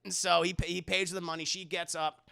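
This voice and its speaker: A young man talks his live chat through a film, scene by scene, crude and animated and never short of a curse. His voice sits high, with a gravelly edge and a bright, forceful bite. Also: fairly quick. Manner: animated, crude, swears, acts out lines in put-on voices. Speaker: streamer reviewing a film.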